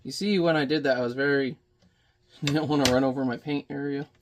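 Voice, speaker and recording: Gravelly-voiced man chatting while he paints. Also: medium pitch, steady tone, brisk, background noise. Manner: rambling, joking, with mild swearing. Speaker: painting vlogger. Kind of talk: casual chat while painting.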